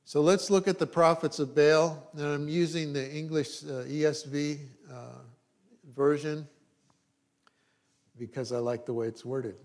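A man's voice: fairly high pitch, steady tone, measured pace. Man preaching a sermon, voice rising and falling. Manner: reads scripture aloud, then explains in plain talk; checks in with listeners.

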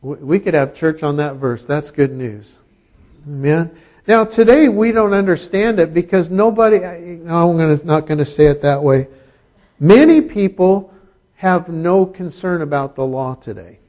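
Pastor, middle-aged man, slightly high voice, chatty sermon with jokes. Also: a little slow, a little mellow. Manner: conversational preaching with asides and humor.

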